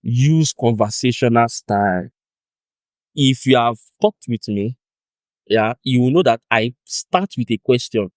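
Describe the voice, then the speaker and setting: Young nigerian guy teaching, animated, acts out chats, dry close sound. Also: medium pitch, measured pace, no echo. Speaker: discipleship teacher. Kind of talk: informal teaching talk.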